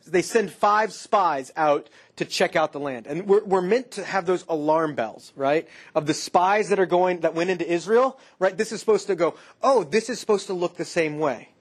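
A man preaching a sermon, reading scripture and then retelling it with lively storytelling and quick acted-out asides. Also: on the high side. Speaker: pastor.

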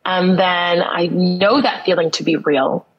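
An American woman appears as a guest on a conversational podcast, telling a personal story earnestly with emphatic repetition. Her voice is slightly lower than most, husky and breathy, with fairly even intonation and an unhurried pace. The recording is muffled.

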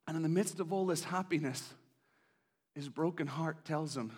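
A man preaching a sermon in a conversational, animated storytelling style. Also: fairly high pitch, normal speed, husky. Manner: animated, conversational, acts out characters.

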